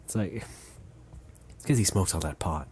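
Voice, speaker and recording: A man's voice: deep voice, normal speed, a little mellow, a little hiss or hum. A man co-hosting a comedy podcast in casual chat, dry and sarcastic. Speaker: podcast co-host.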